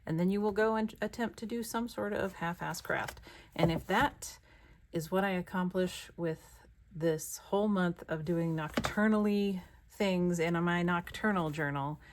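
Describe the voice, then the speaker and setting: A woman with a fairly low voice hosts a craft video. She chats casually while she works, pokes fun at herself and thinks aloud with lots of uhs and ums. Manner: chatty and self-deprecating, thinking aloud with many uhs. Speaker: craft channel host.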